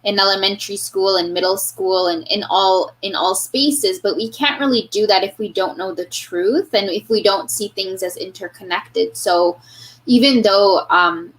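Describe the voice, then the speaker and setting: An elementary school teacher with a Canadian accent speaks earnestly as a guest in an interview, her voice medium-pitched and her pace moderate. She reflects while thinking aloud, full of fillers and restarts, and the recording is rough.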